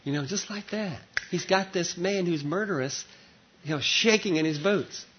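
A man's voice: high voice, moderate pace. A male pastor preaching a sermon, telling a story animatedly with lots of repetition, on a dull, lo-fi recording.

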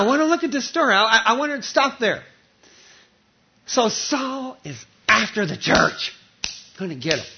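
Animated, high-voiced male pastor preaching. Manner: animated storytelling with repetitions. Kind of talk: sermon. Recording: dull lo-fi recording.

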